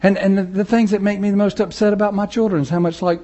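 A man preaching a sermon, moving between loud, rising passages and low, slow, soft ones, chuckling often. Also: steady tone, muffled recording. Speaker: pastor.

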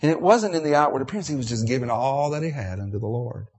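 Middle-aged man, husky voice, emotional sermon, repeats himself. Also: medium pitch, lively intonation, fast, darkish tone. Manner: emotional, preacherly, repetitive with restarts. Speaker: preacher.

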